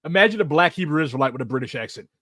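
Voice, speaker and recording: A man's voice: a little high, animated, rapid-fire, pushed and bright, dry recording, studio quality. A man answering viewer questions in casual chat, sarcastic and profane, laughing often.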